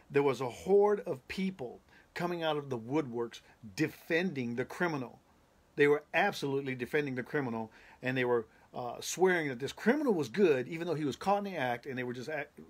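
A male pastor earnestly recounting a prophetic dream, talking emphatically and repeating himself for effect. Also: medium pitch. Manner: emphatic, repetitive, building intensity. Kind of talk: preaching testimony of a prophetic dream.

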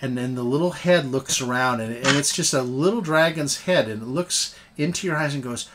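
A man narrating a tabletop game as game master, halting and often repeating words. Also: medium pitch, a bit bright, slight background noise.

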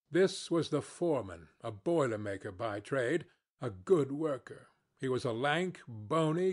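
A man narrating an audiobook in a measured, deliberate storytelling manner. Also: mid-range voice.

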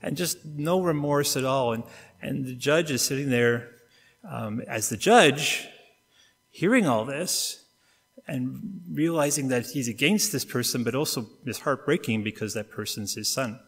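A man's voice: medium pitch, unhurried. Man preaching in an echoey church. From Canada. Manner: storytelling with acted-out quotes, wide swings in loudness and pace. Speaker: pastor. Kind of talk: sermon. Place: church sanctuary. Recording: long reverb of a church hall.

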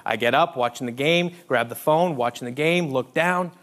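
A man doing stand-up storytelling on a comedy club stage, animated and conspiratorial, checking in with the crowd. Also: medium pitch, normal speed. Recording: live club audio with crowd noise.

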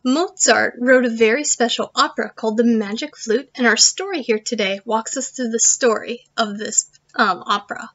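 High-voiced woman teaching music to children. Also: normal speed, dry recording, lo-fi sound. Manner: clear, expressive, addresses children. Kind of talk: recorded lesson and storybook reading.

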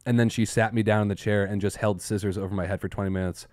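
A man's voice: quick pace, no echo, studio quality. A young man co-hosting a podcast, telling stories animatedly and acting out quotes. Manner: animated storyteller, acts out quotes in a higher voice. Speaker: podcast co-host. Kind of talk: casual chat.

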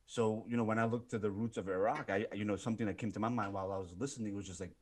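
A man's voice: fairly low pitch, steady tone, rapid-fire, a little mellow. A man from Pakistan speaking earnestly in an interview, searching for words with frequent fillers. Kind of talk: reflective interview talk.

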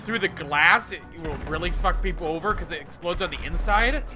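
A man's voice: high voice, brisk. A man chatting casually with a teammate during an online game, swearing now and then. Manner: laid-back, swearing. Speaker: teammate on voice chat. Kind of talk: casual gaming chat. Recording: game music under the voice.

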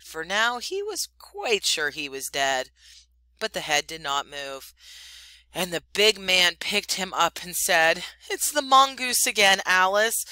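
Slow, expressive woman reading a story. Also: low-pitched, smooth, no echo. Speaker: teacher.

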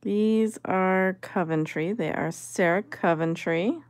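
A woman's voice: medium pitch, slow pace, dry recording, studio quality. A woman vlogger giving casual commentary as she sorts vintage jewelry, musing and appraising each piece aloud.

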